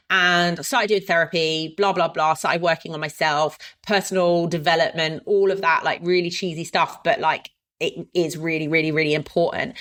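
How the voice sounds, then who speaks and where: A woman's voice: on the low side, fairly bright tone. A woman, a fitness coach hosting a podcast, telling her own story in a candid, casual way and swearing now and then. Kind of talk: personal storytelling monologue.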